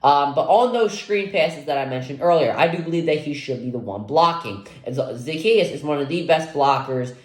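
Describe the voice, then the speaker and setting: A man's voice: fairly high pitch, animated, normal speed, hardly any pauses. A young man giving a casual solo football preview, rambling with lots of fillers. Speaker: sports vlogger previewing a game. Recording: echoey room.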